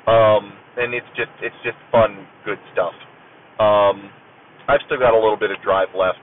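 A military veteran telling a story in a loose, rambling way while driving, with lots of fillers and casual swearing. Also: male voice, lowish voice, phone-quality sound, a little hiss or hum. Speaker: veteran recalling military service.

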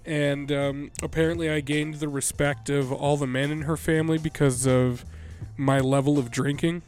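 A man's voice: a little high, little pitch movement, moderate pace, a little mellow, soft background music. A man co-hosting a podcast in casual chat, a bit nasally and under the weather, laid-back and profane. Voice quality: nasally from a cold. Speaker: podcast co-host.

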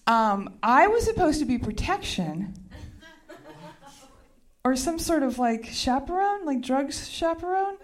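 Lady comic on stage, kinda high voice, rambly chatty storytelling, giggles thru it. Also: very animated, unhurried. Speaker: stand-up comedian. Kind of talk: stand-up storytelling. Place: stage before a live audience.

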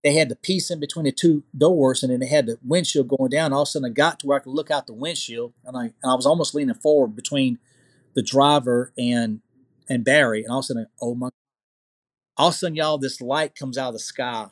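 A Louisiana man with a Southern US accent, guesting on a podcast, excitedly tells a personal story, repeating phrases and checking in with the listener. His voice is medium-pitched and brisk, with no room sound.

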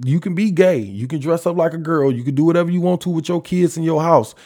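A man's voice: on the high side, fast, warm tone. A man hosting a podcast, talking alone in a blunt, heavily profane rant full of rhetorical questions. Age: adult father. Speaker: podcast host. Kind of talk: solo opinion monologue.

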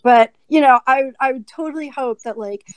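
Chatty, high-pitched actress, dry close mic. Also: female voice, normal speed, clean tone, no room sound, poor audio. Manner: animated, chatty, lots of "like". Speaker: actress and interview guest. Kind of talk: casual podcast interview.

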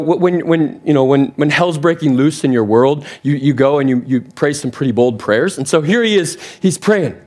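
A man preaching a sermon as a pastor, telling a story with animated energy and frequent word repeats. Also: high-pitched. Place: church platform.

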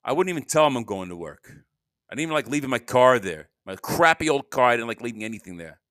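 A man's voice: medium pitch, very animated, quick pace, a bit bright, dry recording, clean studio sound. An older man hosting his own podcast, rambling through a restless solo monologue that breaks into sudden bursts. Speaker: podcast host.

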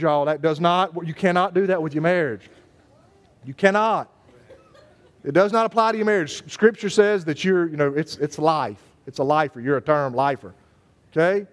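Male pastor, high voice, folksy preaching, jokes with the congregation. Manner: folksy, joking, addresses congregation by name. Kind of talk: sermon.

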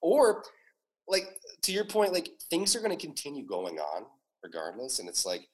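A young man co-hosting a podcast, chatting casually and animated, swearing a lot and laughing often. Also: a little high, moderate pace. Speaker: podcast co-host. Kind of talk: casual chat.

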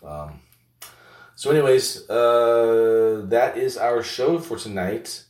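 A man's voice: mid-range voice, lively intonation, takes it slowly, darkish tone. A man hosting a casual comedic show, rambling with lots of fillers and heavy swearing. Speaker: show host. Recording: roomy echo, distant mic.

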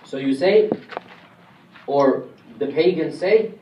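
In an expressive, mid-range voice at normal speed, a man lectures a class on Quranic commentary, working step by step and questioning his audience. He's an Islamic lecturer, captured in a muffled, slightly hissy or humming recording that sounds roomy and distant with faint ambience.

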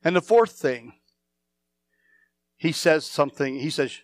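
A man preaching a sermon, emphatic and repetitive, swinging between forceful lines and hushed ones. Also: a little high, animated, takes it slowly. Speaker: pastor.

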